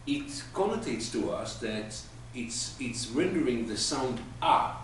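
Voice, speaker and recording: A man's voice: medium pitch, very animated, a little slow, fairly bright tone. A man teaching a class, patiently explaining with everyday examples. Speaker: Hebrew teacher. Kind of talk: classroom lesson. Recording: echoey room from far off, faint noise.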